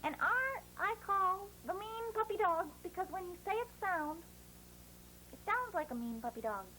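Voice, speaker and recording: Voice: very high-pitched, lively intonation, moderate pace, pushed and bright, a little hiss or hum, heavily acted, rough recording. A performer voicing a cheerful puppet boy who teaches children to write letters in a bouncy, encouraging, sing-song way. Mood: cheery. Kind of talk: playful kids' lesson.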